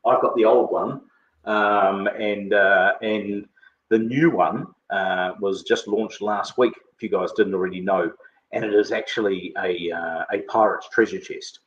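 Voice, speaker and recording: A man's voice: fairly low pitch, steady tone, a little slow, highs cut off. A man hosting a casual online webinar chat, rambling along with lots of filler words. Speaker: host.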